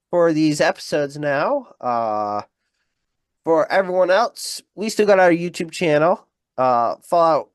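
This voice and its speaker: Host: man, congested, unhurried, stop-start casual delivery. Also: on the high side, smooth, dry recording, studio quality. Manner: halting, repeats words, many fillers. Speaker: podcast host. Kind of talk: casual live-stream chat.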